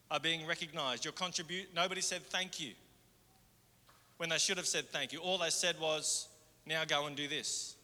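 A man preaching a sermon in a conversational way, moving between fervent and hushed. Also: fairly high pitch. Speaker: pastor. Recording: hall reverb.

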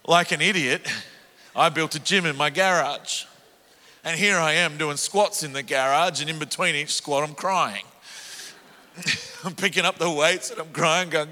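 Bright-voiced preacher in a hall. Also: male voice, fairly high pitch, measured pace, pauses often. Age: middle-aged. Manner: animated, self-mocking, laughs often. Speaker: evangelist preacher. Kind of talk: storytelling sermon. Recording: echoey hall.

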